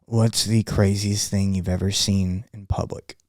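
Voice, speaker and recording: A man's voice: fairly low pitch, little pitch movement, darkish tone, dry recording, studio quality. A man co-hosting a podcast in laid-back casual chat, reading out a listener question. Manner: laid-back, quick agreeing asides. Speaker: podcast co-host.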